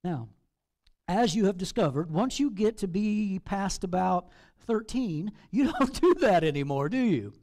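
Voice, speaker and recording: A man, a pastor, preaching a sermon in an animated, playful way with acted asides. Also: sits high, measured pace. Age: over 40.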